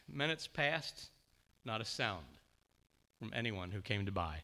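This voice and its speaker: Animated, bright-voiced male preacher. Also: lowish voice, measured pace. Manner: animated storyteller, voicing characters. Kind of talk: sermon storytelling.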